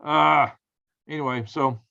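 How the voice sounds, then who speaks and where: A man's voice: on the high side, fairly even intonation, slow pace, vocal fry, bright, forceful tone. A man, hosting a casual live stream in a folksy, exclaiming way and chatting with viewers. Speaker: host. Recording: dull lo-fi sound.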